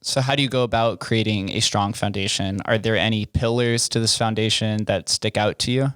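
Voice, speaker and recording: A man's voice: lowish voice, fairly even intonation, a little fast, fairly bright tone, clean tone, no echo, clean studio sound. A man hosting a podcast interview, asking questions in an easygoing way. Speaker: podcast host. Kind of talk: casual interview.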